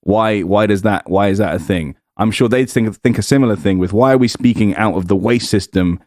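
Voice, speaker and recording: A young man co-hosting a podcast, giggling and reasoning through silly ideas out loud. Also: on the low side, brisk, dry recording, clean studio sound. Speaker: podcast co-host. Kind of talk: crude comedic banter.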